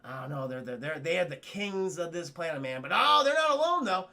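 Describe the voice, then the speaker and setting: A man voicing a paranoid male survivor who talks in a hushed, urgent and crude way. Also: on the high side, sing-song, a little fast, vocal fry, pitched below the performer's own voice, exaggerated voice. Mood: jittery.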